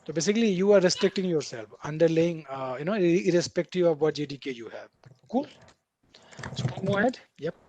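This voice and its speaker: Guy teaching a coding class, keeps asking "right?", chatty and animated. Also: fairly high pitch, a little fast, lo-fi sound. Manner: chatty, repeatedly checking in with "right?"; animated, acting out what the code editor says. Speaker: programming instructor. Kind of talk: live online coding class.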